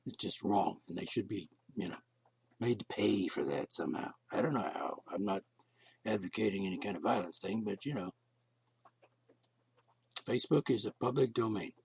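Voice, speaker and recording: A man's voice: lowish voice, moderate pace, gravelly, long pauses, a little mellow, husky. A man hosting his own podcast, talking alone in a blunt, profane, ranting way, and losing his voice. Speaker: podcast host. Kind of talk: casual solo podcast monologue.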